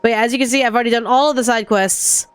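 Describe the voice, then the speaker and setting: A woman streamer giving casual, foul-mouthed commentary while playing a game, animated and arguing with the characters. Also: on the high side, very fast, smooth, soft background music. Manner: animated, profane, argues with the characters.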